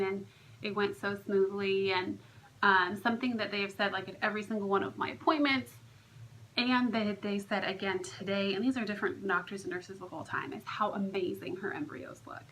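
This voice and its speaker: A young woman recounts her day in a relaxed vlog, full of ums and likes. Her voice is bright and lively, and she slips into quoted lines of dialogue. A faint hiss of background noise sits under the recording. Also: mid-range voice, poor audio. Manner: chatty storytelling with many fillers, lively quoted dialogue. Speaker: vlogger, surrogate. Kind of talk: casual vlog recap.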